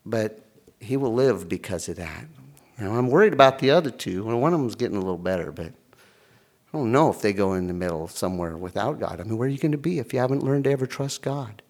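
A middle-aged pastor with a lowish voice talks fast as he preaches a sermon. He tells stories with animation, acting out the voices of the people in them.

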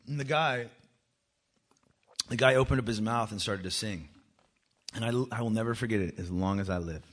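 A man with children, a worship leader giving a joking testimony talk to a church that rises into loud, urgent exhortation. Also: lowish voice, normal speed, long pauses. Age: adult with children. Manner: joking, self-mocking, often laughing.

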